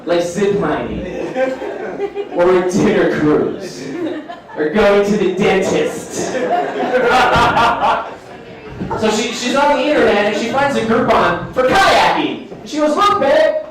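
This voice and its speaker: A man's voice: high voice, animated, slow pace, pauses often. A young man doing a self-deprecating live stand-up set on a bar stage, chatting with the crowd. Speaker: stand-up comedian. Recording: echoey bar room from a distance.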